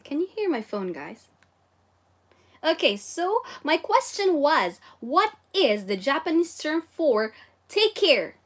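Slow and sing-song, this woman's high voice carries a Filipino accent as she hosts a casual livestream teaching Japanese. She reads viewer comments in a bubbly way, code-switching and frequently giggling and exclaiming.

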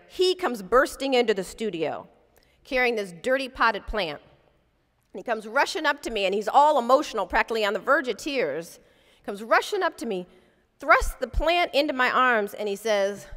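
A woman's voice: fairly high pitch, big pitch swings, moderate pace, a bit bright. A woman lecturing as a civil rights lawyer, telling a personal story vividly and acting out the voices she quotes. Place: lecture hall. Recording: long reverb from a large hall.

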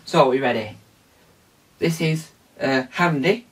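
A man's voice: on the high side, measured pace, slightly rough, distant mic. A man hosting a casual tutorial vlog, rambling and restarting with many fillers. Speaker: video host.

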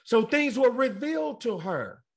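A man teaching a Bible study, excitable and exclaiming, speaking directly to his listeners. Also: very high-pitched, a little slow, vocal fry, breathy edge.

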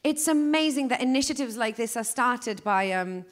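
A woman's voice: on the high side, animated, moderate pace. A woman doing stand-up, chatty and self-mocking with lots of fillers, then presenting thanks at the end of an event on a concert hall stage. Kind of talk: stand-up comedy. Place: large concert hall stage, live audience.

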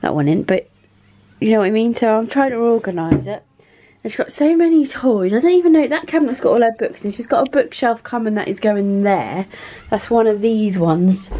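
A woman in her thirties vlogs at home, rambling casually to her phone camera between chores. Her voice sits a little on the high side. A faint hiss of noise runs underneath. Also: animated, brisk, warm tone. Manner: chatty, scattered, talks to camera while doing chores. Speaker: vlogger, mother of four. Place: family house, indoors.

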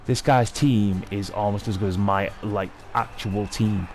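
A young man giving excitable, sweary live commentary over his own hockey video game match. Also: on the low side, a little slow, soft background music. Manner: sweary, excitable, talking at the screen. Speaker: gaming video host.

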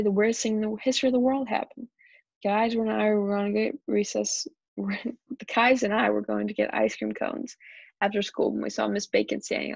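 Brief: young woman narrator for a children's storybook, gravelly tone, dry dull lo-fi recording. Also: mid-range voice, dry recording. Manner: lively character voices and shouts. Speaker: storybook reader. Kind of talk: children's story read-aloud.

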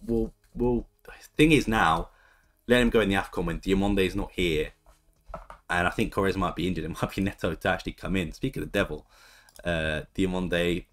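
Deep-voiced young man commenting his game. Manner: chatty, reacts to the match as it plays. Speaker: gaming YouTuber.

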